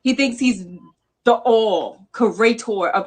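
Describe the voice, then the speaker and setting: A woman with a Jamaican-American accent talks on a livestream panel with a bright, forceful edge. Her delivery is emphatic and repetitive, and she swears casually. Her pitch sits in a typical middle range for a woman. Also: moderate pace. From New York. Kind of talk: impassioned livestream talk.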